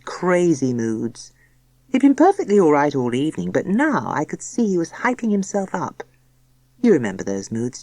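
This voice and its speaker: Woman narrator, low voice with lively swings, confiding first-person audiobook reading, dry close studio sound. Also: no room sound. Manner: chatty, gossipy and confiding. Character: young engaged daughter confiding to her mother.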